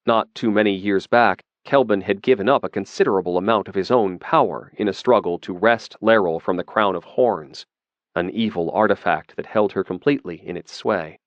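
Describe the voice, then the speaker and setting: A man reading a fantasy audiobook in a steady, measured narration. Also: fairly low pitch, no room sound, lo-fi sound.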